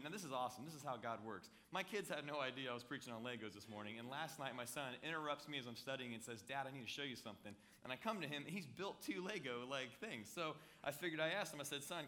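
A man in his thirties preaching in a loose, joking way, his voice bright and a touch high. He talks to the congregation like friends, with quick asides and playful stories. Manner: conversational, joking, animated with props. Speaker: pastor. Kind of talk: sermon.

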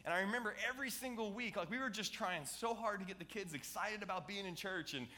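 Middle-aged male pastor, slightly high bright voice, playful animated sermon delivery in a church. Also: quick pace. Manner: animated, playful, jokey preaching with audience asides. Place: church sanctuary.

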